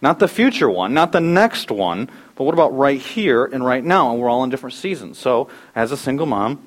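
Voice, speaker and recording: A middle-aged man preaches to his congregation, moving through a personal story with lively, animated delivery. He acts out the voices of the people in his story. His voice sits in an ordinary middle pitch. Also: a little fast. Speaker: pastor. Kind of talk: sermon.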